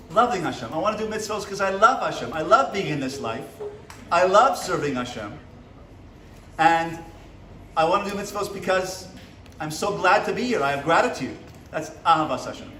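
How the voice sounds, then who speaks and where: Bright and forceful, sitting high in pitch, a rabbi's voice carries a motivational lecture to his seminary class as he asks them questions and acts out small dialogues. It's captured from a distance in an echoey room with a little hiss or hum.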